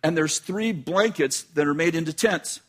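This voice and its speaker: A man's voice: on the high side, normal speed. A middle-aged man preaching a storytelling sermon, talking conversationally and often restarting his phrases. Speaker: pastor.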